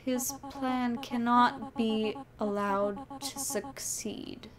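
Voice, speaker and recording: A woman voicing a gentle, motherly goat woman caretaker in a video game, speaking softly, slowly and earnestly. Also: fairly high pitch, a crowd in the background.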